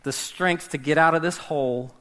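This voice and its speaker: A man preaching a sermon, animated, swinging between loud emphasis and hushed, dramatic drops. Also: a little high, normal speed. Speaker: pastor.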